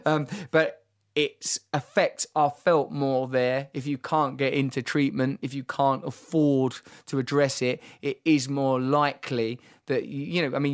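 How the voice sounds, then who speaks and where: A man, hosting a podcast and telling candid stories in a vivid, animated way, with fillers and restarts. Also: fairly high pitch. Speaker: podcast host. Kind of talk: candid conversational storytelling.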